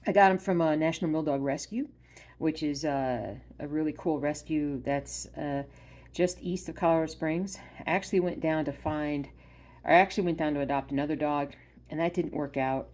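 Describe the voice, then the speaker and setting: A woman vlogging casually at home about stitching. She rambles with many ums and uhs and often drops to a soft murmur. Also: low voice, normal speed. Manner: soft-spoken, drops to a murmur when addressing her dog. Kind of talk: casual chat. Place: at home by her stitching spot.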